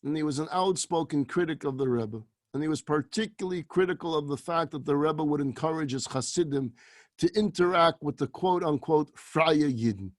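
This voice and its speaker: A middle-aged man, a rabbi, telling a story in a lecture, animated and acting out the dialogue. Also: a little high, normal speed, no echo.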